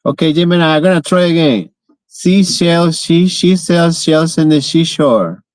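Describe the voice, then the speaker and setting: Slow-talking Spanish-accented man, playful. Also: on the high side, dry recording, poor audio. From Spain. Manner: playful, stumbling through tongue twisters, laughing at himself. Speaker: vlogger. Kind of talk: casual live-stream chat.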